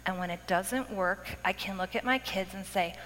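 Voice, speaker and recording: A woman giving a testimony talk to a women's audience, dramatic and laughing often, acting out her past self in sudden high outbursts. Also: moderate pace, a bit bright. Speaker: speaker addressing a women's audience. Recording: echoey hall with faint noise.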